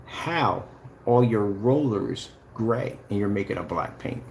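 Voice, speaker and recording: A man's voice: lowish voice, expressive, slow, creaky, darkish tone, slight background noise. A man giving casual, taunting livestream commentary, full of sing-song mockery. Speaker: channel host.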